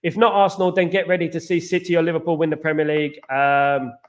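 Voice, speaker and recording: An English man chats casually on a live stream, reading out viewer comments and answering them. He is animated and repetitive, full of banter and slang shout-outs. His voice sits a touch higher than most men's. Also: fast talker. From England.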